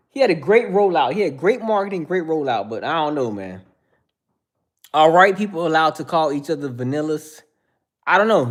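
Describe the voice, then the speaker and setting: A man hosting a livestream, giving blunt, joking commentary and shouting out viewers in the chat. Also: on the high side. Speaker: host.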